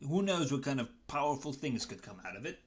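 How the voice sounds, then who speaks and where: A man's voice: medium pitch, sing-song, brisk, a little hiss or hum, lightly acted. Man doing a Cockney goblin leader. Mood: pleading. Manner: Michael Caine-style delivery. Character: weary pleading male goblin leader.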